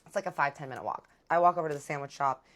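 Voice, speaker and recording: A woman vlogger telling a dramatic personal story in a casual, animated way, talking straight to her viewers. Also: low-pitched, racing.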